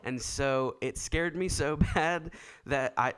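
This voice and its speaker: A man's voice: a little high, takes it slowly, hardly any pauses, a bit bright, clean tone. Young man telling a story on a podcast. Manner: laughing storyteller, voices others in quotes. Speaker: podcast co-host. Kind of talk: casual chat.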